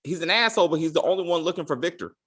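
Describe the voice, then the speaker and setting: A man co-hosting a casual TV review, animated and acting out characters' lines in funny voices. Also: fairly high pitch, very fast. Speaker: podcast co-host.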